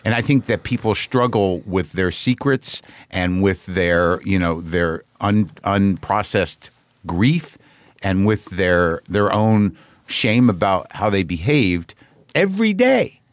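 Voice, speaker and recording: A man interviewing a guest, speaking in a halting, searching way with many restarts. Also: deep voice, lively intonation, no room sound. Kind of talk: conversational interview.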